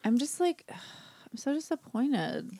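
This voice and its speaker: A woman co-hosting a relaxed podcast, rambling through casual chat with lots of fillers. Her pitch moves a lot, giving her talk an animated bounce. She laughs easily between thoughts. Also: takes it slowly, gravelly, breathy edge, no echo. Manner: chatty, laughs often, trails off with fillers. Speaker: podcast co-host.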